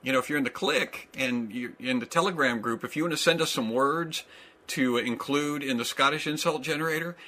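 A man's voice: medium pitch, fairly quick, pushed and bright. A man hosting a casual comedy chat over a video call, rambling with lots of fillers. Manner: rambling, playful, many fillers. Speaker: host.

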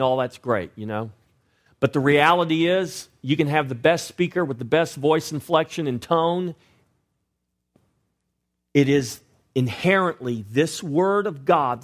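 A preacher with a fairly high-pitched voice speaks straight to his congregation. He exhorts them directly, pushing louder and faster when he presses a point home. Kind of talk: sermon.

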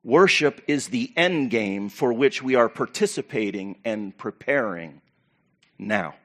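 A pastor preaching to his church, animated and preacherly, with loud bursts and quiet asides. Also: medium pitch, measured pace. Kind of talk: sermon.

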